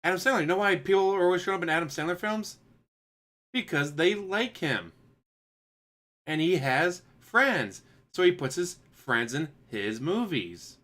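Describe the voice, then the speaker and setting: Sarcastic man with a bright voice. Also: high voice, expressive, normal speed. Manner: sarcastic, mocking rebuttals. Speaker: streamer reacting to a clip. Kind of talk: live-stream commentary. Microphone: desk USB microphone.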